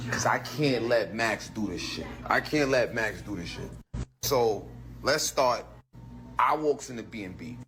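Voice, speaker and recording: Animated man telling a story. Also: fairly high pitch, poor audio. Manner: animated, slangy, rambling. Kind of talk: storytime recounting.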